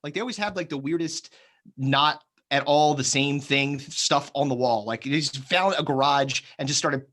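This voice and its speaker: A man's voice: a little high, normal speed, fairly bright tone. A man on a podcast as a guest, chatting casually and animatedly, with lots of restarts, fillers and swearing. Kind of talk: casual chat.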